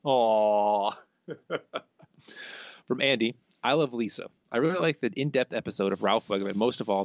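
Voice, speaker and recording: A man reads listener messages on his podcast in a relaxed, chatty way. He adds little asides between them. The recording is dry and a little muffled. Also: medium pitch, no room sound. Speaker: podcast co-host. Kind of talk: casual podcast chat reading listener answers. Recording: dull, slightly lo-fi dry sound.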